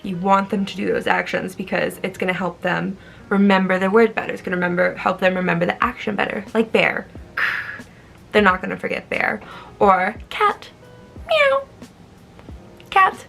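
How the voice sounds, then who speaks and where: A young woman, an online English teacher, explaining in a casual, bubbly, animated way and acting out words. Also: lowish voice, quick pace, creaky, soft background music.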